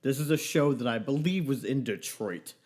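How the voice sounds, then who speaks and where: A man's voice: mid-range voice, expressive, moderate pace, a little mellow. A man, a pro wrestler, telling a rambling anecdote on a casual livestream, with many fillers and restarts.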